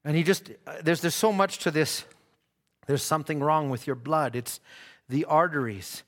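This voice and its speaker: A man with a high-set, bright and forceful voice preaches a sermon in church. He tells stories and acts out the people in them as he goes. It is the voice of a preacher holding a congregation. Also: normal speed. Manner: storytelling, acting out quoted dialogue.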